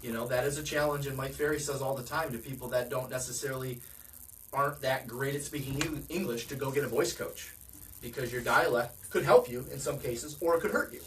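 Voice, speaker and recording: A man's voice: medium pitch, a little fast, far from the mic, a little hiss or hum, low-quality recording. A man giving a direct, conversational sales training talk, often asking his listeners questions. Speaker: real estate sales coach.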